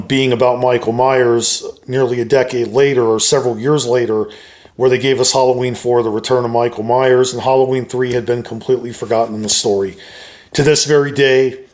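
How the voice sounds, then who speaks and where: A man talking straight to his viewers, giving his opinion of a horror film in a relaxed, conversational way with frequent hedges. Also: mid-range voice. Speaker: YouTuber reviewing a film. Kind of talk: casual opinion monologue.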